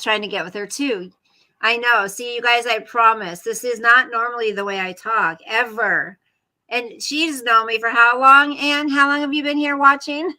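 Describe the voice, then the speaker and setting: Woman chatting on her home livestream, slow and rambly, kinda high bright voice, blunt. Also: low-quality recording. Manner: blunt, rambling, talks to chat and her pet. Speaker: livestream host. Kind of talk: casual livestream commentary. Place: home room.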